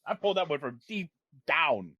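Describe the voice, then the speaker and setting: A man's voice: sits high, huge pitch swings, moderate pace, vocal fry, sharp tone, no echo, highs cut off. Crude joking podcast guy, dry sound. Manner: crude joker, teasing. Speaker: podcast co-host. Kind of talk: casual podcast chat.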